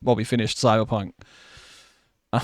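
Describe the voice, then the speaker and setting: A man's voice: on the low side, fairly even intonation, moderate pace, dry recording, studio quality. A man casually chatting while live-streaming, sick with influenza and coughing, joking and teasing as he talks.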